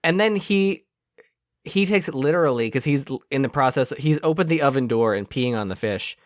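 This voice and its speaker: A podcast co-host retelling a movie scene in casual chat, animated and laughing often. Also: mid-range voice, fairly quick, no echo, studio quality. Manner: animated storytelling with frequent laughs.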